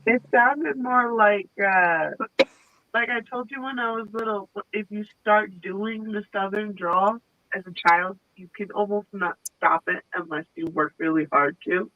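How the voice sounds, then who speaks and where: A man's voice: high voice, measured pace, no room sound, lo-fi sound. A man chatting casually on a stream, blunt and wisecracking. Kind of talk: casual chat.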